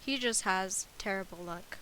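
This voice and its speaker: A woman's voice: mid-range voice, moderate pace, bright, forceful tone, slight background noise. A woman streamer playing a courtroom game, reading its dialogue aloud with a nervous, stammering delivery. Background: game music.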